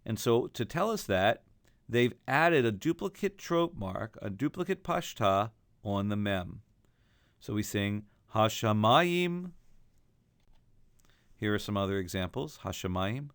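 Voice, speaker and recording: A man's voice: lowish voice, lively intonation, a little slow, dry recording, studio quality. A man teaching a recorded lesson on chanting Torah trope, explaining each mark and then singing the examples.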